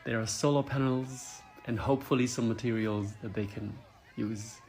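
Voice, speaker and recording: A man's voice: medium pitch, steady tone, moderate pace, darkish tone, faint music behind. A man co-hosting political commentary in a fiery, emphatic way. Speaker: co-host.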